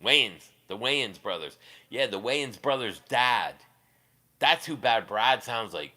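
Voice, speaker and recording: A man with a medium-pitched, expressive voice and a sharp tone answers viewers on his live stream. He's casual, rambling, and crude, laughing quickly and restarting often.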